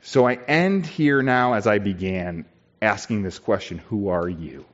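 Male pastor, unhurried sermon delivery, muffled lo-fi sound. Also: on the low side. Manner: slow, emphatic preaching with repeated phrases. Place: church.

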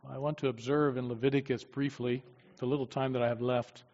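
A man preaching a sermon with emphasis, swinging from loud declarations to quiet asides. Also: mid-range voice, level tone, fairly quick. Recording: dull, long-reverb hall sound.

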